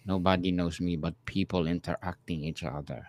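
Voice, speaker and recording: A man with a very low voice hosts an interview, speaking slowly and in brief remarks. His phrasing sounds non-native. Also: fairly even intonation. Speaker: host. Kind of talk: interview questions.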